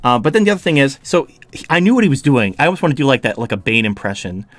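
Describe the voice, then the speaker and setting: A man's voice: mid-range voice, sing-song, rapid-fire, dry recording. A man hosting a podcast, ranting in a heated, sarcastic and profane way in casual chat. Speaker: podcast host.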